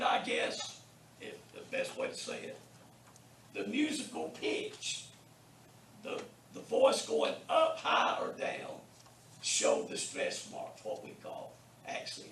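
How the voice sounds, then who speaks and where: A man teaching a beginners' Greek class at a Bible college. He speaks slowly and deliberately and pronounces each word for his students to repeat. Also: high voice, gravelly, fairly bright tone. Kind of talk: classroom lecture. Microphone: distant room mic. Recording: echoey classroom from far off, faint hiss.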